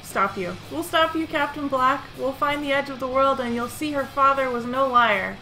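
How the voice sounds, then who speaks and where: Lady playing a first mate from a kid's pirate story, defiant, yelling, bright. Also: sits high, a little slow, soft background music, pitched above the performer's own voice, full character voice, poor audio.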